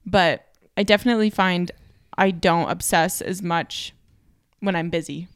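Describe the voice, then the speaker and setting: A woman's voice: lowish voice, fairly even intonation, unhurried, no echo, studio quality. A woman in her twenties co-hosting a podcast, chatting casually with frequent "like" and laughter. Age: 20s. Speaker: podcast co-host. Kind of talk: casual chat.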